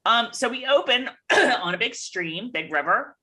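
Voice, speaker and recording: A woman's voice: on the high side, expressive, sharp tone. A woman co-hosting a casual TV episode recap, chatty and retelling scenes. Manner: chatty, recounts scenes with quick put-on voices. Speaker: podcast co-host.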